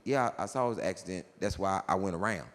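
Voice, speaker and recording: Flat, unbothered mom voiced by a man, low and quiet, echoey hall. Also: fast talker, natural voice. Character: calm, matter-of-fact mother.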